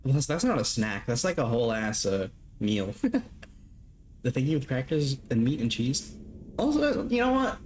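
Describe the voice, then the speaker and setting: A man's voice: mid-range voice, very animated, moderate pace, a little hiss or hum. A young man streaming a game from home, chatting loosely with his audience, swearing casually and laughing often. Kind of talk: casual live-stream chat while gaming.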